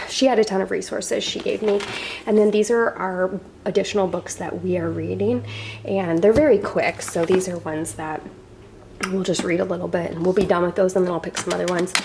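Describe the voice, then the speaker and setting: A woman's voice: lowish voice, gravelly, darkish tone, slight background noise. A young woman chatting casually through a home tour, rambling with fillers and asides, a little out of breath. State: slightly out of breath. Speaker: homeschooling mom vlogger. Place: home living room.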